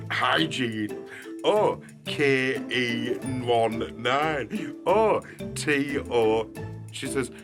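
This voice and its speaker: A man speaks slowly and unhurriedly, telling an amused, wry story. His voice sits at an ordinary pitch, and clear guitar music plays behind him. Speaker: eye patient recalling regained sight. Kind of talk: documentary storytelling.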